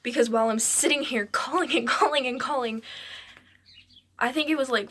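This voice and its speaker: A woman with a slightly bright, higher-pitched voice tells a dramatic personal story for her storytime vlog. She rambles breathlessly, sprinkling in plenty of "I'm like" asides.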